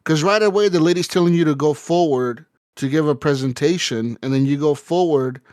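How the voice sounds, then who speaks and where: A man's voice: on the high side, brisk, darkish tone, dry recording, clean studio sound. A man co-hosting a casual podcast, telling a long rambling story full of swearing. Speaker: podcast co-host. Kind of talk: casual chat.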